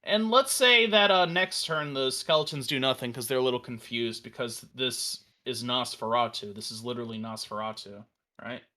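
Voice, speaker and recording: A man casually walking through a software demo on a live stream, enthusiastic and rambling, with fillers and restarts. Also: mid-range voice, moderate pace. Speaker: developer demoing a virtual tabletop.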